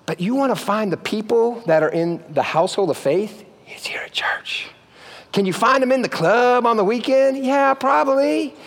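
A man's voice: extremely high pitch, normal speed, vocal fry, hardly any pauses, big-room sound. A man preaching a sermon in a church, playful and joking, often checking in with the crowd. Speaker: pastor. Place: church sanctuary.

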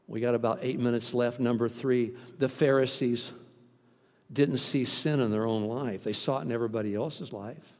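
A man preaching a sermon as pastor, animated and acting out the voices he quotes. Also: mid-range voice, normal speed, long pauses. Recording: long reverb from a hall.

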